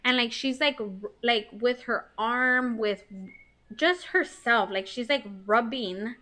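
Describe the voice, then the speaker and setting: A young adult woman co-hosting a podcast, telling a story in a candid, irritated, animated way, swearing freely and saying "like" a lot. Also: on the high side, slow pace. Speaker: podcast co-host. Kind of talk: casual storytelling chat.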